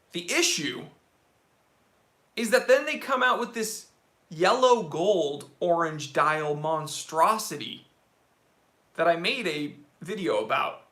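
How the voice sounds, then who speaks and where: A man hosting a casual live stream about watches, opinionated and animated, answering viewer questions. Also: fairly high pitch, reverberant.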